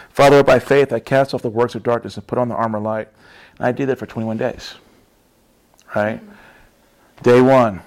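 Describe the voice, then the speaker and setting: A man preaching in a casual storytelling way, chatty and laughing often, with frequent tag questions. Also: mid-range voice.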